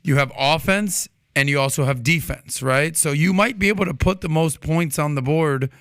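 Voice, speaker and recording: Bright-voiced podcast co-host. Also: male voice, on the high side, normal speed, dry recording, clean studio sound. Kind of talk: casual podcast chat.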